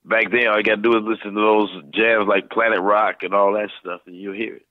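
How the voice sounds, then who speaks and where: A man in his fifties from Saint Louis, telling animated stories about his youth as a voice actor guest in an interview, dropping in quick voice impressions. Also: fairly low pitch, no echo. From Saint Louis, USA. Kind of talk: casual storytelling interview. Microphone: phone call. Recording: tinny phone-line sound.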